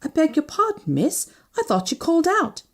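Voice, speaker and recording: A woman's voice: sits high, huge pitch swings, moderate pace, voice pushed up, exaggerated voice. A woman reading an audiobook, voicing a respectful night stewardess who speaks deferentially and apologetically. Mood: apologetic.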